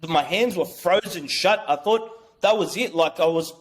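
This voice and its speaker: A young man telling a personal story as a podcast guest, excited and swearing, often restarting his sentences. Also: high voice, measured pace.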